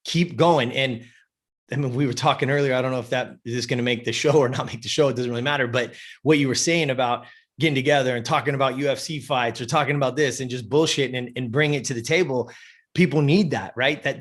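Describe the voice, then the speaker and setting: Husky, blunt, swearing motivational man. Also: mid-range voice, a little fast. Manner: blunt, intense, swears often. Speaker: podcast guest. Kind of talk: profane motivational talk.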